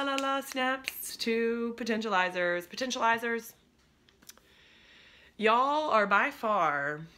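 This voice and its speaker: A woman with a deep, pushed, bright voice gives casual direct-to-camera coaching to creative business owners. She's chatty and upbeat, laughs easily, and occasionally drops to a near whisper.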